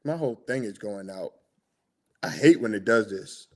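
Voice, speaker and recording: A man hosting a casual sports talk livestream, slangy and excitable, rambling about his picks. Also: on the low side, normal speed. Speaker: sports podcast host.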